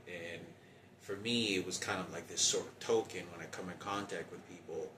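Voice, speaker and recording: A man in his forties talking in a halting, rambling personal monologue with many restarts. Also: low-pitched, roomy sound, distant mic, background noise. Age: 40s.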